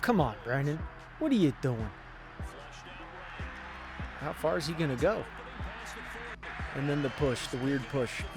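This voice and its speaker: A young man commentating a football video game in a hyped, rambling way, yelling at big plays. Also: medium pitch, lively intonation, measured pace, pauses often, music in the background. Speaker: gaming channel host.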